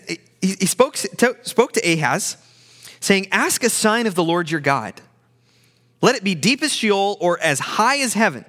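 A man delivering a sermon in a high, bright voice. He talks in an animated way, stumbling over and repeating words as he presses his points and acts out the lines he quotes. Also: long reverb tail. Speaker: pastor.

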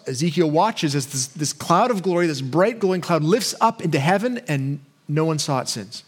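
A pastor with a high, light voice delivers a sermon. He is earnest and grows animated when he acts out imagined questions to God. He drops quiet and low for his key points. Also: moderate pace, few pauses.

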